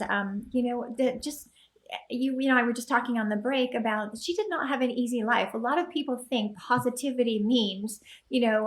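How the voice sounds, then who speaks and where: A woman's voice: a little high, a bit bright. A woman hosting a podcast interview, reacting with enthusiasm and affirming her guest. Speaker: podcast host. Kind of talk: casual interview chat.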